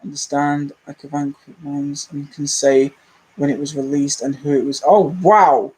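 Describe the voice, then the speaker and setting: A man's voice: on the high side, fairly even intonation, a little slow, a little mellow, breathy edge, rough recording. A young man, rambling candidly and self-deprecatingly as a movie channel host in a casual livestream chat.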